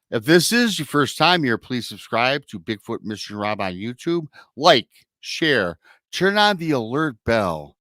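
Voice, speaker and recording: A man's voice: on the low side, pushed and bright, dry recording. Male podcast host, casual promo patter, dry close-miked sound. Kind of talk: live show intro and announcements.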